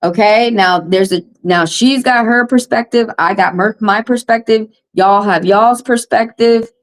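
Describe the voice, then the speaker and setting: A woman's voice: mid-range voice, measured pace, poor audio. A woman with a Southern US accent, a tarot reader venting bluntly and heatedly to her livestream viewers on a phone mic, repeating her points.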